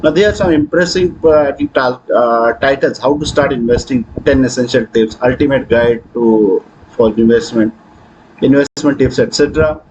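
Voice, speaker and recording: A man hosting a software tutorial, talking through his screen with frequent hesitations. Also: medium pitch, moderate pace, muffled recording, a little hiss or hum. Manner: hesitant, many fillers. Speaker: tutorial host. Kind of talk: screen-recording software walkthrough.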